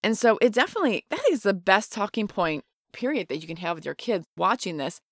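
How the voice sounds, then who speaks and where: A woman's voice: mid-range voice, big pitch swings, a little fast, no room sound, clean studio sound. A middle-aged woman co-hosting a parenting podcast, talking earnestly and emphatically, explaining points with everyday examples. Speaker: podcast co-host. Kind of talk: casual parenting chat.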